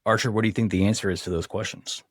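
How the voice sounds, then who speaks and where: Very deep-voiced male podcast co-host. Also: steady tone, no room sound, studio quality. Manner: rambling, halting questions with restarts. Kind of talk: casual chat.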